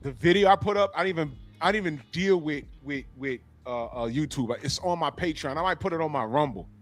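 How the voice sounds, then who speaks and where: High-voiced man roasting on a podcast. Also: a little fast, faint music behind. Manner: animated, profane, mocking. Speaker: podcast co-host. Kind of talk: casual podcast banter.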